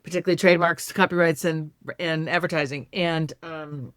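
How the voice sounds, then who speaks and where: A woman's voice: low-pitched, fairly even intonation, fairly quick, a bit bright, clear, resonant tone, no echo, studio quality. A middle-aged woman speaking as a podcast guest, earnest and heartfelt, with emphatic conversational delivery. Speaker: author and educator, podcast guest. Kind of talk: casual conversational interview.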